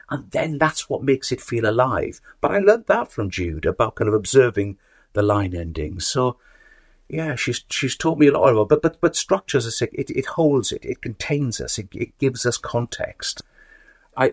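A man's voice: fairly low pitch, slightly rough, no echo, clean studio sound. A middle-aged man speaking in a conversational interview, thoughtful and rambling, with frequent restarts. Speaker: guest, actor and author.

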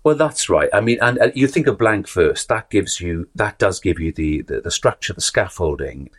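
A man with a low, husky voice speaks as an interview guest. He talks thoughtfully, circling and repeating words as he searches for how to put things. He sounds like an actor and teacher reflecting on his craft. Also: expressive, moderate pace.

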